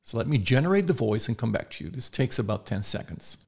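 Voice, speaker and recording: A man reviews software, walking through it step by step. He sounds excited and speaks at mid pitch, with a slightly gravelly edge to his voice. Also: quick pace. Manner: enthusiastic, demonstrating step by step. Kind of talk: screen-recorded product review.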